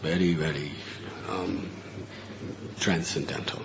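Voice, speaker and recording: A man preaching a sermon, telling a devotional story in an animated way. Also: sits low, slow, gravelly, muffled recording, background noise.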